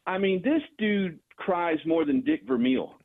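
A man calling in to a sports radio show, talking in an animated, rambling, mocking way. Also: high-pitched, a little slow. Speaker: caller. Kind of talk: sports talk radio call. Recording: phone line.

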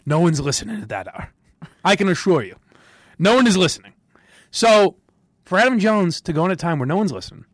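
Clean, dry studio sound carries this sports radio podcast host, whose voice sits on the high side. Animated and full of strong opinions, he rambles through casual chat, breaking into laughter and restarting sentences often.

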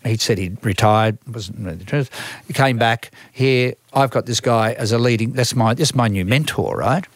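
This storytelling interview features an older man, an Australian music manager, whose long anecdotes are full of restarts and repeated words. He speaks at medium pitch and a moderate pace, with no room sound.

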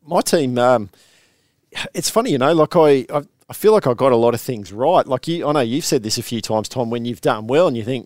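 A man's voice: mid-range voice, animated, a little fast, darkish tone, no room sound, studio quality. An Australian man hosting a casual sports podcast, chatty and rambling, often restarting his sentences. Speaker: podcast host. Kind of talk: casual chat.

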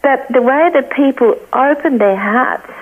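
A woman's voice: high-pitched, unhurried. An older woman from Australia telling a personal story as a guest, earnestly acting out the voices she quotes, heard over a phone line. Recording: tinny gravelly phone line.

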